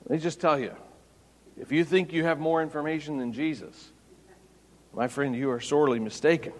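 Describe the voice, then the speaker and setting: A man preaching an expository sermon, rising to loud, emphatic peaks. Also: a little high, steady tone, moderate pace. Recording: long hall reverb.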